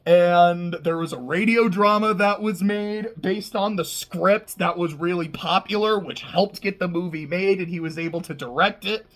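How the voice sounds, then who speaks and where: Casual male film reviewer, higher-pitched voice, loose and excitable delivery with frequent laughter. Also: moderate pace, few pauses. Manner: rambling, excitable, laughs often, swears. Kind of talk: casual unscripted movie talk.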